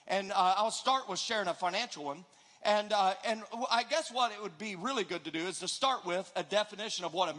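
Energetic male preacher, bright and forceful, playful sermon to a live congregation. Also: high voice. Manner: energetic, joking, questions the audience. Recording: long hall reverb.

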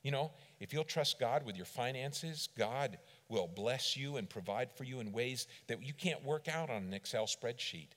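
A middle-aged man preaching a sermon as a church district superintendent, telling stories and swinging between loud emphasis and quiet asides. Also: medium pitch, lively intonation, moderate pace, few pauses. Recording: long reverb of a large hall.

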